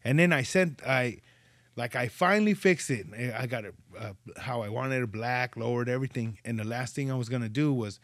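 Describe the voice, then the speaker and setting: A man's voice: medium pitch, brisk, a bit bright, dry recording. A man hosting a podcast, casually telling profane stories and acting out the dialogue. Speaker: podcast host. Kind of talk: casual chat.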